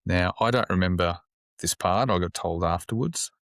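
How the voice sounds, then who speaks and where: A man's voice: deep voice, normal speed, a bit bright, no echo. A man who works as a police officer, sombre and plain-spoken, swearing freely as he tells his story in a casual interview on a close podcast mic.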